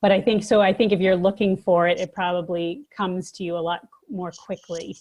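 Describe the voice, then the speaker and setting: A woman's voice: fairly low pitch, flat delivery, a little fast, a little mellow, dull audio. A woman on a podcast as a guest, talking in a casual, reflective and agreeable way. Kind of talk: casual conversation.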